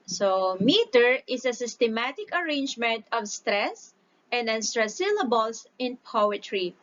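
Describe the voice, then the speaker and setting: A woman teacher giving a recorded lesson, explaining slowly and deliberately, stretching out syllables when she reads example lines aloud. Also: on the high side, a bit bright. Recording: dull lo-fi recording.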